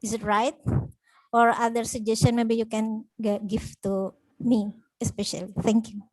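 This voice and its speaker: Woman asking a question on a video call, hesitant and halting, highish voice, dry. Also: level tone, darkish tone, no room sound, low-quality recording. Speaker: class participant asking a question.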